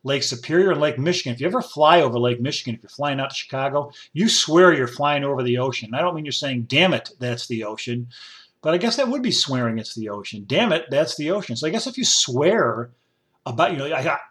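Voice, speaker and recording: A man's voice: medium pitch, expressive, quick pace, a bit bright. A middle-aged man, hosting a rambling solo podcast in a folksy, digressive, enthusiastic way. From upstate New York. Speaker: podcast host.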